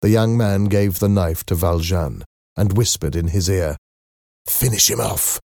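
A man narrating a story in a slow, expressive reading style. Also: deep voice, no echo, studio quality.

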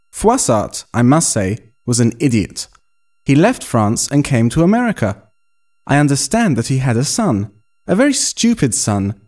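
A man putting on a shrill, haughty old woman. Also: darkish tone. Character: vain quick-tempered old woman of eighty-two.

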